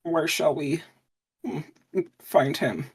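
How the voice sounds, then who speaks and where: A woman playing a tabletop game who speaks slowly and hesitantly, with many hums. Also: sits low, vocal fry, darkish tone, slightly rough, rough recording. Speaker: player.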